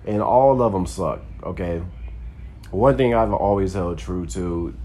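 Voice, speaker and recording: A man's voice: deep voice, unhurried, dark tone. A man, a stand-up comedian, telling a loose, rambling story in casual talk full of profanity and "like".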